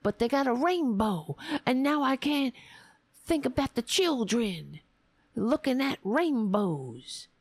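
A woman hosting a political podcast, talking in a sarcastic, mocking way and slipping into shrill impressions of her opponents. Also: sing-song, takes it slowly, no echo. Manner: mocking, switches into shrill mimicking voices.

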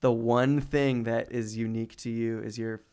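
A man's voice: mid-range voice, steady tone, moderate pace, darkish tone, clean tone. A young man talking as a podcast guest, laid-back and slangy, laughing easily in casual chat.

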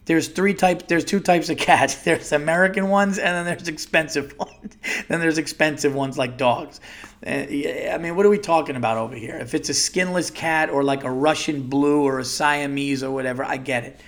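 A man's voice: on the high side, moderate pace. A man hosting a comedy podcast, telling profane stories and acting out the people in them. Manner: profane, animated, acts out voices in quotes. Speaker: podcast host. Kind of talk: comedic storytelling monologue.

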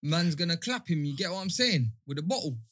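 A man's voice: a little high, a little fast. A man telling stories in casual chat, full of slang and checking that the others follow him. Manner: animated storyteller, heavy slang, keeps asking "you get me".

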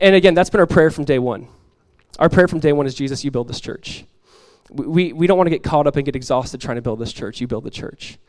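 A pastor preaches a sermon in a conversational, lively style, telling stories and acting out the voices he quotes. His pitch is fairly high, and the recording has no echo.

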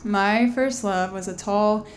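A woman begins a personal story for an audience in a light, joking tone, her voice at an ordinary pitch. Faint noise sits behind her. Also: slow.

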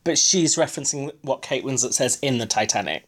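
A man's voice: mid-range voice, animated, fairly quick. A man hosting a casual chat podcast, teasing his co-host in a wry way while running through a show's contestants. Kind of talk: casual chat reviewing a TV show.

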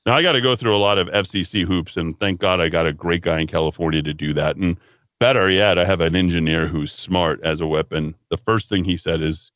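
A man's voice: low voice, fairly quick, a bit bright, no echo. A man hosting a talk radio show, ranting bluntly and combatively in a monologue from a radio studio. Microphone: studio microphone.

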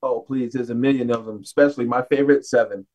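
A man's voice: medium pitch, steady tone, fast talker, a little mellow, highs cut off. A man, a singer appearing as a podcast guest, chatting casually with loose, emphatic exclamations. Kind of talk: casual chat.

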